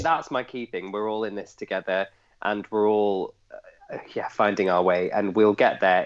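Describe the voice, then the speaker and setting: Deepish guy giving calm encouraging advice, muffled lo-fi sound. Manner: earnest, measured, encouraging. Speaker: casting director and guest. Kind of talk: casual chat, giving advice. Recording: dull lo-fi recording.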